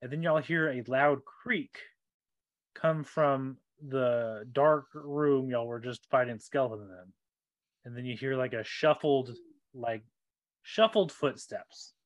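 Slow, easygoing male game master. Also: medium pitch, no echo. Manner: relaxed, unhurried narration with loose fillers. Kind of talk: narrating a tabletop game.

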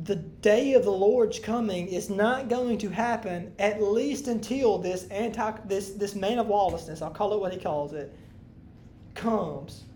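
Reading scripture with emphasis before unpacking it casually for a room of listeners, this Bible study leader has a dark, medium-pitched voice. A slight hiss or hum sits under the recording.

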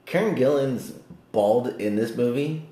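In an unhurried, reverberant recording, a man chats about a movie with animated, profane energy. His delivery veers between loud outbursts and low muttering.

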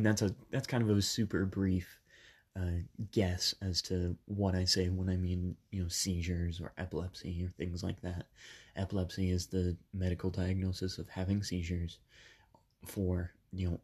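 A man in his twenties, somewhat ill, hosts his podcast in a bedroom padded with soft furnishings and tells his story casually, full of ums and self-corrections. His voice sits low with a slightly rough quality.

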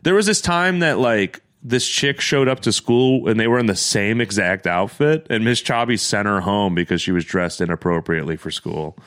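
A young man co-hosting a podcast, telling stories in a casual, swearing, animated way and laughing often. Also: fairly low pitch, moderate pace, few pauses. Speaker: podcast co-host. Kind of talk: casual storytelling chat.

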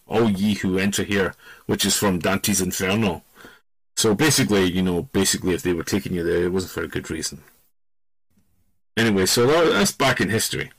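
Middle-aged Scottish-born podcaster, low voice, dry close sound, meandering storyteller. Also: male voice, fairly bright tone, slightly rough, no room sound, poor audio. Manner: rambling and digressive, loses the thread. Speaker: podcast host. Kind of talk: casual spoken storytelling.

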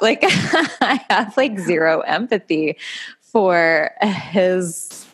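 A woman co-hosting a podcast in casual chat, frank and quick to laugh, swearing freely as she tells stories. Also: on the low side, animated, slightly rough. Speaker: podcast co-host.

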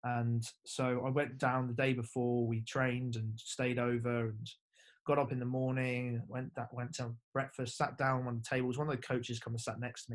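At a moderate pace and with little pitch movement, a young man from England talks in a mid-range voice. The former rugby player is a podcast guest in casual conversation, relaxed, storytelling with plenty of fillers and swearing.

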